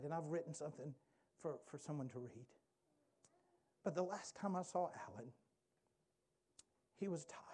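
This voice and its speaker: A preacher speaks in a slightly high, mellow voice. He tells his story casually, with restarts and warmth of delivery, drawing the listener in. His tone is unhurried and earnest. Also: slightly rough. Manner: conversational, animated storytelling that drops to a hushed prayer. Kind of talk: sermon storytelling.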